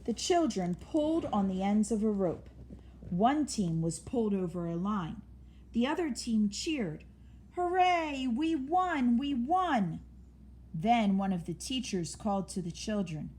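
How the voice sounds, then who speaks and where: A woman reading a children's story aloud in a gentle, expressive way. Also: medium pitch, unhurried, slight background noise.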